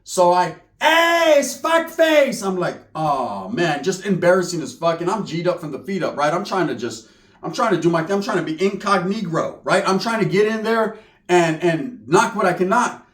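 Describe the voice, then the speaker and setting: A man tells a comedy story in streetwise slang, animated and profane. His voice is pitched high for a man, and it rings in a roomy echo. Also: a little fast. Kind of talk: comic storytelling.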